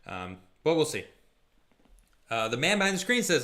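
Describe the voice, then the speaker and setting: A man's voice: on the high side, slight background noise. A young man hosting a live stream, reading chat messages aloud and chatting casually, shifting between jokey and somber. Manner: chatty, animated, quick mood swings from jokey to somber.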